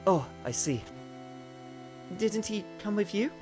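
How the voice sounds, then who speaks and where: A man's voice: sits high, animated, slow pace, music in the background, pitched above the performer's own voice. A man voicing an earnest young male vampire hunter, speaking in an exaggerated put-on French accent.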